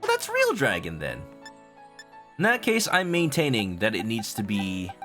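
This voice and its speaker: A man's voice: on the low side, huge pitch swings, normal speed, fairly bright tone. A man streaming a video game, chatting playfully with his viewers and humming to himself. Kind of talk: casual game commentary. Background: game music.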